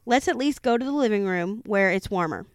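A woman's voice: mid-range voice, lively intonation, a little fast, no room sound, clean studio sound, natural voice. A woman reading as a firm, tired husband. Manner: firm, practical. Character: determined tired husband and father.

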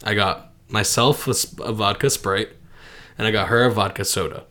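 A man's voice: on the low side, normal speed. A young man telling a story with lots of laughs on a casual podcast. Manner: animated, laughs often, lots of "like" and "dude". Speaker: podcast co-host.

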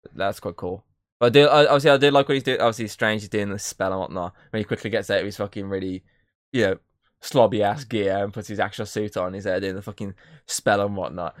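A fairly low-voiced man in casual podcast chat, retelling film scenes and popping into quick quoted voices as he goes. His speech is peppered with swearing. The sound is dry and close, with no room around it. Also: a bit bright, dry recording. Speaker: podcast co-host.

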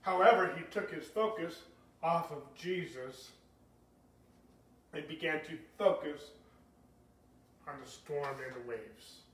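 Male pastor preaching a sermon: high, bright voice, heard from a distance in an echoey room. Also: slow, long pauses, slight background noise. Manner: animated preaching, rising to shouts, asks the congregation questions. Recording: echoey room, speaker far from mic.

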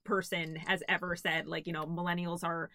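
A woman in her thirties co-hosting a book podcast, chatty and quick to laugh. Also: fairly low pitch, level tone, pushed and bright, dry recording, studio quality. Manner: chatty, laughs easily, fillers like "like". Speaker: podcast co-host. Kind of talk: casual book chat.

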